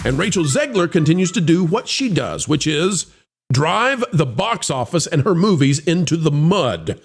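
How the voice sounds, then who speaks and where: A man's voice: on the high side, sing-song, moderate pace, husky, faint music behind. A man hosting an entertainment commentary show, mocking and theatrical, reading news articles aloud with sarcastic asides. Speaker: host of entertainment commentary channel.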